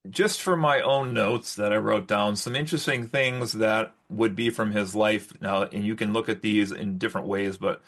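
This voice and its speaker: A man's voice: fairly low pitch, steady tone, normal speed, few pauses, a bit bright. A man co-hosting a podcast in casual chat, rambling and restarting often. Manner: rambling, with many fillers and restarts. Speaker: podcast host.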